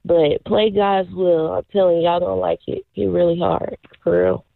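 A woman calling in to a radio show with a raspy voice, talking eagerly and persuasively. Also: fairly low pitch, sing-song, normal speed. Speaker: caller. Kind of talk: call-in chat. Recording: tinny phone line.

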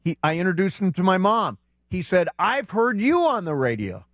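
A man co-hosting a sports radio show, chatting in a lively, casual way. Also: high voice, moderate pace, no room sound, studio quality.

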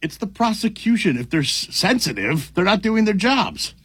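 A man's voice: high-pitched, big pitch swings, normal speed, a bit bright, husky, dry recording. An older man, a grandfather, chatting casually and with amusement as co-host on talk radio. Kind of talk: casual chat.

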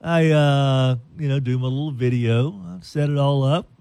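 A man hosting a radio show, telling a long funny story with playful, animated delivery and silly put-on voices. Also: mid-range voice, moderate pace, clean tone, dry recording.

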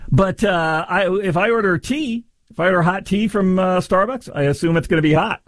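A man's voice: high voice, moderate pace, dry recording, studio quality. A man hosting a sarcastic commentary on a news story, mocking and exaggerated in delivery. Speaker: commentary host.

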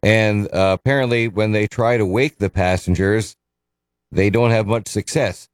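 A man's voice: on the low side, steady tone, normal speed, no room sound, clean studio sound. A man hosting a morning radio show, chatting casually and rambling a bit, correcting himself as he goes. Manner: rambling, self-correcting, chuckles.

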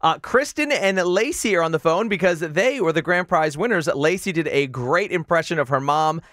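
A man hosting a morning radio show, upbeat and quick to laugh as he chats with callers. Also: a little high, expressive, fairly bright tone, no echo, clean studio sound. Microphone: studio microphone.

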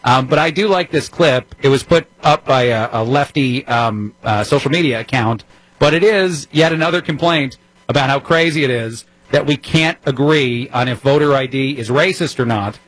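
A man's voice: medium pitch, moderate pace, fairly bright tone, no echo, rough recording. A man from New Jersey with a New Jersey accent, filling in as a political talk radio host, talking in a wry, conversational way with frequent fillers.

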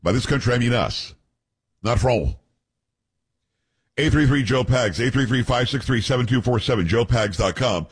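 A man's voice: medium pitch, animated, normal speed, long pauses, husky. A man hosting talk radio, reading news stories aloud and breaking in with blunt, opinionated asides.

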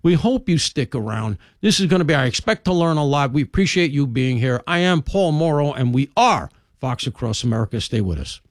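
A man hosting a talk radio show, delivering an animated, opinionated monologue with conversational asides. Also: a little high, brisk, hardly any pauses. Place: radio studio.

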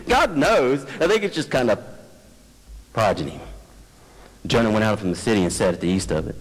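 A man's voice: on the low side, expressive, normal speed. A man preaching a sermon as pastor, conversational and self-deprecating, addressing his congregation. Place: church sanctuary. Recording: long church hall reverb.

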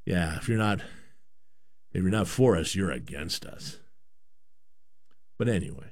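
Man, sports talk host, rambling and opinionated, lively pitch, born in Canada. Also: measured pace, dry recording, studio quality. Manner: rambling, animated, repeats words. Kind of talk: opinionated sports radio monologue.

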